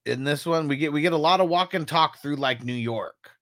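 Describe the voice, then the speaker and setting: A man's voice: a little high, a little fast, fairly bright tone, no room sound, studio quality. A man co-hosting a casual movie review, laughing often and mimicking punch sounds. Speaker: podcast co-host.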